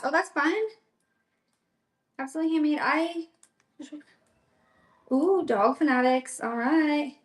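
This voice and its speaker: A woman's voice: sits high, pushed and bright. A woman hosting a casual crafting livestream from her home table, chatting and answering viewer comments as she works. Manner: chatty, reads viewer comments aloud while working. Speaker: livestream seller host.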